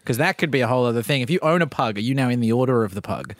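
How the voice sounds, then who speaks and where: A man's voice: mid-range voice, expressive, dry recording, studio quality. A man co-hosting a comedy podcast, teasing and joking in casual chat and laughing often. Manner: quick, teasing, laughs a lot. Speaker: podcast co-host.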